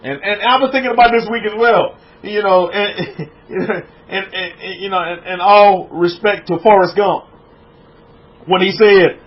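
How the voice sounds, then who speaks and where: In a muffled recording, a high-pitched American man speaks somewhat slowly as he delivers an informal livestream sermon. He gives shout-outs by reading viewers' comments and builds up his points through repetition.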